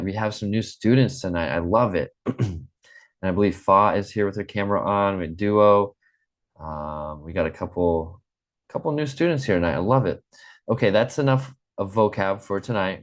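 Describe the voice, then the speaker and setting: Leading a live online English lesson, a Midwestern man with a very low voice speaks slowly and clearly. He repeats himself and checks in with students by asking "okay." He comes through a computer mic on a video call.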